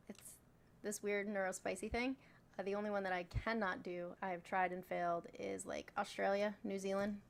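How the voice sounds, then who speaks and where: A woman moderating a live stream in casual chat, joking, bossy and swearing freely as she urges viewers on. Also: mid-range voice.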